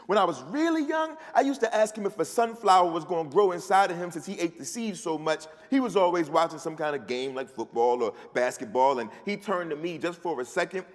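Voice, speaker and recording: A man, an author, giving a live, rhythmic first-person reading of his fiction in a large festival hall. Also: sits high. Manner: rhythmic, storytelling delivery. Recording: long hall reverb.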